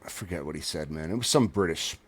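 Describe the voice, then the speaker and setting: A man's voice: rumbling low, animated, quick pace, slight background noise. A man hosting a podcast in casual chat, laid-back and joking, with some swearing.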